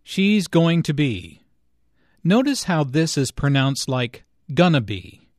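A man narrating an English lesson in a slow, measured way, explaining pronunciation and stress. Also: on the high side, lively intonation, dry recording, clean studio sound. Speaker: language teacher. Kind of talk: scripted narration.

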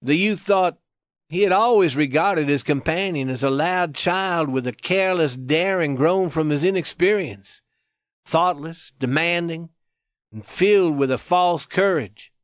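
A man narrating a story in a steady, measured reading. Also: fairly high pitch, no echo, highs cut off. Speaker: audiobook narrator. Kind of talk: scripted narration.

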